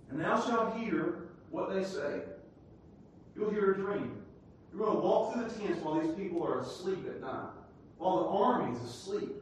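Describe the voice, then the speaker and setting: A man preaching a sermon, reading scripture aloud and retelling it in everyday words, swinging between loud, lively bursts and hushed asides. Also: high-pitched. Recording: very echoey room, mic far off, faint noise.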